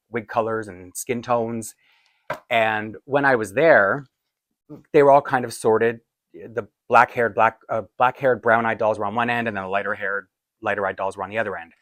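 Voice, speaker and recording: A man chatting excitedly about his collection, rambling, laughing and correcting himself as he goes. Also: mid-range voice, no echo. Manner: rambling, laughs often, restarts and asides. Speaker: doll collector vlogger. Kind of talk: excited casual unboxing chat.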